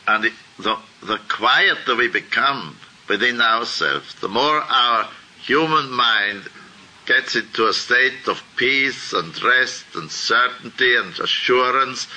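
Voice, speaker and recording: Slow, halting man giving a spiritual talk. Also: medium pitch, bright, forceful tone, low-quality recording. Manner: slow, halting, searching for words. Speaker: spiritual teacher. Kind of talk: lecture to a group.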